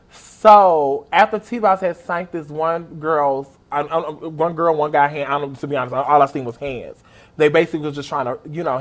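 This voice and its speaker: A man telling an excited personal story on his vlog, gushing and animated and speaking straight to his viewers. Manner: animated and gushing, big pitch swings, talks straight to viewers. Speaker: vlogger.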